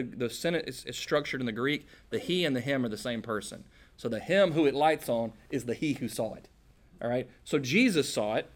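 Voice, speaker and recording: A male preacher teaching scripture in a relaxed, chatty way. He jokes and drops folksy slang, and his pitch sits mid-range for a man. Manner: casual and joking, with folksy slang. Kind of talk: conversational Bible-teaching sermon.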